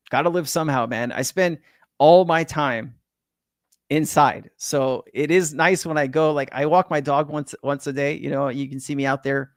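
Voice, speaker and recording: A man's voice: a little high, no echo, clean studio sound. A middle-aged man from California hosting a crypto livestream, chatting casually with viewers in slangy, swearing banter. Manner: laid-back slang-heavy, swears, says man and bro. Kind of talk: casual livestream chat reading viewer comments. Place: home in Hawaii.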